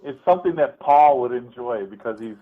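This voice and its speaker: Rambling male caller, mid-pitched, heard over a tinny phone line. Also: animated, a little fast. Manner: rambling, trivia-sharing. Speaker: guest. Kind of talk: casual chat.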